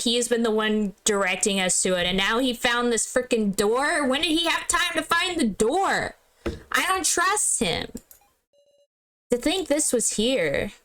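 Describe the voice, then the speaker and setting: Slow, smooth-voiced young woman gamer. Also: a little high, fairly bright tone. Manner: giggly, playfully dramatic. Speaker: game streamer. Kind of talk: casual let's-play commentary.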